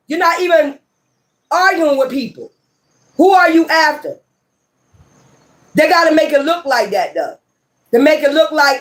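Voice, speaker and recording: A woman's voice: sits high, lively intonation, normal speed, long pauses. A woman tarot reader in a casual ranting monologue. She talks emphatically, swears and repeats her points. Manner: emphatic, profane and repetitive.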